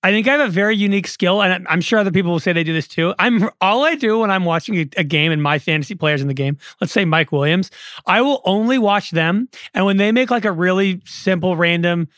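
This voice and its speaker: A man's voice: high voice, fast, a bit bright, no room sound, clean studio sound. A man co-hosting a casual sports podcast, telling rambling stories. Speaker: podcast co-host. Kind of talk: casual chat.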